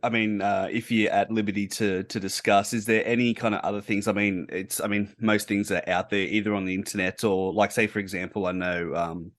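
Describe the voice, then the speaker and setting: A man's voice: on the low side, flat delivery, fairly quick, hardly any pauses, no echo. A man hosting an interview, asking questions hesitantly with many restarts and fillers. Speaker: podcast host. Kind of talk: casual interview.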